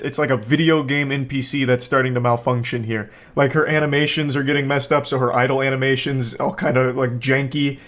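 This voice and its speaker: A man hosting a comedic commentary on a viral video, talking in a sarcastic, deadpan way. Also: mid-range voice.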